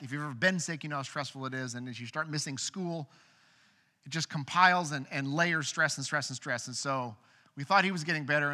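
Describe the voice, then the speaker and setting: A man in his thirties preaching a sermon, telling a personal story in an earnest way that swings from hushed to emphatic. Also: a little high. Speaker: pastor. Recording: long hall reverb.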